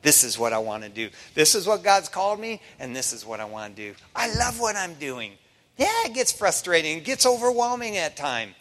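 A man preaching as a pastor in a conversational sermon, folksy, swinging from hushed to loud. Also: a little high, very animated, a little fast, big-room sound. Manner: folksy asides.

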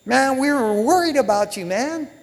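A man's voice: very high voice, lively intonation, normal speed, voice pushed up. A man voicing a worried, scolding mother in a raised, fretful voice, heard from a distance with long reverb.

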